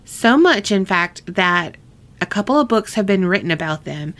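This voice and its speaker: A woman's voice: mid-range voice, expressive, moderate pace, a bit bright. A woman co-hosting a podcast, reading listener ghost stories aloud in a casual, chatty way and laughing often. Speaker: podcast co-host.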